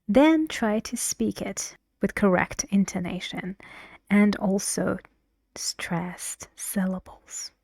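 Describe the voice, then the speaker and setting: A woman leads a lesson at a very slow, deliberate pace. She explains step by step and models example sentences patiently. Her voice sits at a middle pitch and is recorded dry and close. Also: a little mellow, no room sound. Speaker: English teacher. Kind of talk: slow, careful lesson narration.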